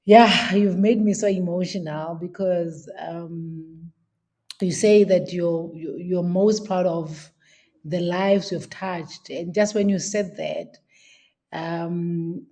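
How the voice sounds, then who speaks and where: A woman team leader interviewing her coach over a video call, earnest and halting with many fillers. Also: medium pitch, dark tone. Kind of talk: heartfelt interview talk.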